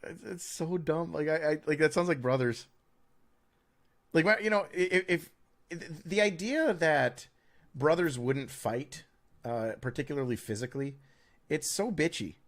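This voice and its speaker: A man's voice: on the high side, unhurried. A man co-hosting a podcast, in rambling, opinionated chat with many stammered restarts and a sarcastic edge. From United States. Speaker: podcast co-host.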